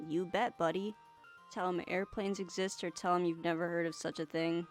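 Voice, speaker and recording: A woman's voice: fairly low pitch, fairly even intonation, moderate pace, faint music behind. Wry woman narrating a game. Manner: wry, dry asides. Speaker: let's play host. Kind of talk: reading a visual novel aloud with casual commentary.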